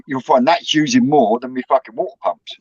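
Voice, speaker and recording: A man's voice: mid-range voice, fairly quick, darkish tone, husky. A man explaining technical details in a plain, matter-of-fact way during a casual group chat on a video call. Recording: dull lo-fi call audio.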